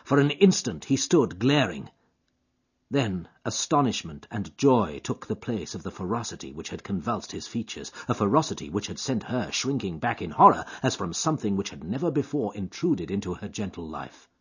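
A man narrates a novel with a dramatic, lively delivery whose pitch moves freely. His voice is slightly husky and sits at a middle pitch. The recording sounds dull and lo-fi. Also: normal speed. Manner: dramatic, expressive storytelling. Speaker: audiobook narrator. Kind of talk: scripted narration.

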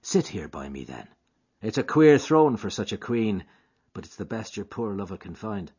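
A man's voice: lowish voice, sing-song, moderate pace, darkish tone, breathy edge. A man playing a young lover with a coaxing, earnest brogue, on a dull lo-fi recording. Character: young Irish man, smooth-talking, secretive lover.

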